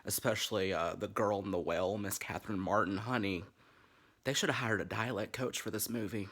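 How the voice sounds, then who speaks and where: Husky sassy man with a Southern accent. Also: on the low side, steady tone, a little fast, a bit bright. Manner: sassy, rambling, profane, frequent laughs. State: slightly tipsy. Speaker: vlogger hosting a drinking game. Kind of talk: casual chatty vlog. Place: his bedroom.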